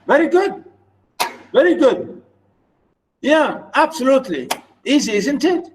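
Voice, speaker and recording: High-voiced, slow-talking male teacher. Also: sing-song, slight background noise, poor audio. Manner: patient, repeats and chants stress patterns. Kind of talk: online literature lesson.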